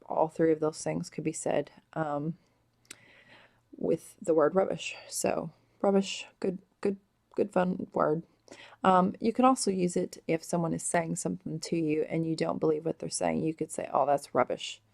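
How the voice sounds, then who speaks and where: A woman explaining slang words in a casual vlog, hesitant and full of drawn-out ums. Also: low voice, fairly even intonation, gravelly, darkish tone. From United States. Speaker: vlogger explaining British slang.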